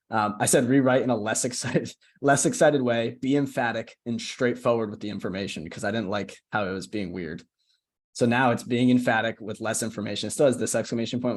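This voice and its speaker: A young man casually walking a group call through a screen-share tutorial, often checking in with "right?". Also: on the low side. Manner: casual, chatty, keeps asking "right?". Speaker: social media coach.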